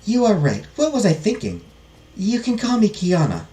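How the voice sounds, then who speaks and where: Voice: medium pitch, huge pitch swings, moderate pace, mellow, soft background music, pitched above the performer's own voice, low-quality recording. A game streamer voicing a polite, slightly nervous young foreign princess.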